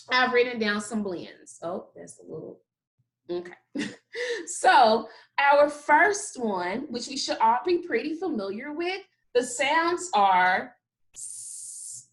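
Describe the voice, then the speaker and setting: Young female kindergarten teacher, slow deliberate sounding-out, cheerful encouragement, slightly high voice. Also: expressive. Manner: slow, exaggerated sound-by-sound modeling with upbeat praise. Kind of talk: recorded remote phonics lesson.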